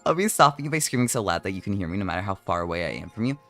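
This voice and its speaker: A man streaming from home as a vtuber, chatting casually while he draws, animated and jokey, swearing often and teasing his chat. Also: low-pitched, rapid-fire, faint music behind.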